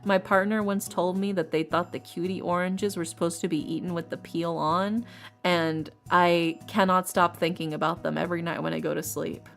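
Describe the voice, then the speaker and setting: A woman's voice: fairly low pitch, fairly even intonation, moderate pace, gravelly, fairly bright tone. A woman streamer chatting casually and rambling with giggles while playing a visual novel. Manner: giggly, rambling, self-mocking.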